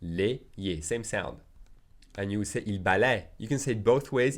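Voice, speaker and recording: Low-voiced man teaching French. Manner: patient, repeats phrases slowly for learners. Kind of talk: video language lesson.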